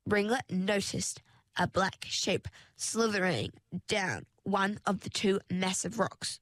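Woman narrator for a storybook, slow pace, mid pitch, dry booth sound. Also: dry recording, low-quality recording. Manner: unhurried, even reading.

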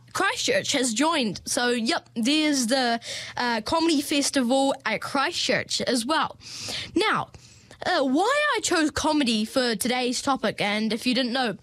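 A woman's voice: high-pitched, fairly bright tone, no room sound. A young woman, hosting a podcast in a playful, chatty comedic monologue full of fillers and jokey asides. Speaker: podcast host.

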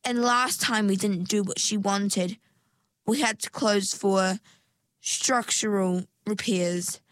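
A woman voicing a hurried, spiky female sea-creature waiter in a storybook, brisk and conspiratorial. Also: mid-range voice, steady tone, no echo, lightly acted.

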